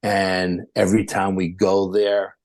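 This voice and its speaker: A man, a podcast guest telling a rambling, animated story full of quoted dialogue. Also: low-pitched, a little slow, no echo. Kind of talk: casual storytelling.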